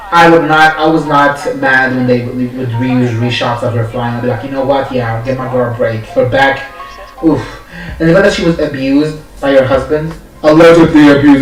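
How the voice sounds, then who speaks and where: A man's voice: mid-range voice, echoey room, recorded from a distance, low-quality recording. A man ranting casually in a vlog, sassy and profane, often acting out characters' lines. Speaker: vlogger. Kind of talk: casual rant.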